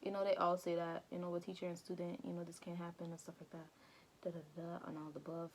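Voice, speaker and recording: A woman vlogger casually retelling an anime film, chatty and slangy with quick asides to her viewers. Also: fairly low pitch, completely flat delivery, slight background noise. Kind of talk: casual movie recap commentary.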